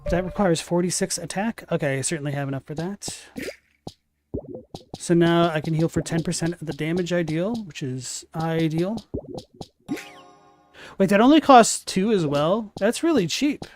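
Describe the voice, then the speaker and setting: A man's voice: on the high side, normal speed, long pauses, darkish tone, soft background music. A young man casually commenting on a video game as he plays, reacting aloud and chatting with viewers. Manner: chatty, reacts aloud while playing and answers chat. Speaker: let's play host.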